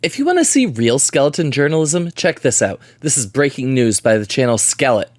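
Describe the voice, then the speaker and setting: A man's voice: mid-range voice, sing-song, a little fast. A man narrating a commentary video, sarcastic and prone to swearing rants. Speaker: video essayist.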